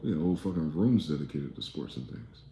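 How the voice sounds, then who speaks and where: A man's voice: a bass voice, lively intonation, fast, dark tone, roomy sound, a little hiss or hum. A man from New Jersey hosting a livestream, rambling, profane and ranting as he reads out chat comments. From East Orange, New Jersey. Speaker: livestream host.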